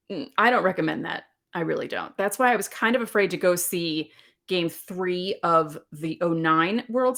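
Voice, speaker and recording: A woman in her forties hosting a podcast alone, telling sports memories in an animated, candid way. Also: medium pitch. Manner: animated, candid storytelling with laughs. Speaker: podcast host. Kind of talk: casual solo podcast talk.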